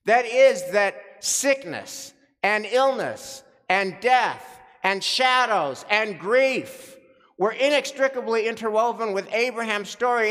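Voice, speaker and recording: A male preacher giving a sermon, talking deliberately and repeating phrases for emphasis. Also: high voice, pushed and bright, in a large hall.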